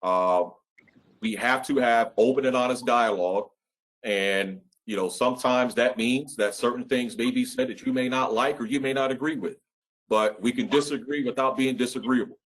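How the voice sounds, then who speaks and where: A man's voice: medium pitch, steady tone, normal speed, a bit bright, rough recording. A man on a webinar panel who answers in firm, emphatic short statements.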